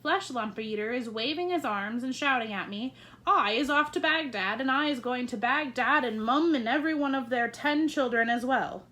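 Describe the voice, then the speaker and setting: A woman's voice: fairly high pitch, expressive, normal speed, few pauses, bright, forceful tone. Woman voicing a kindly giant with mangled grammar. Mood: eager. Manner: ungrammatical homely giant speech.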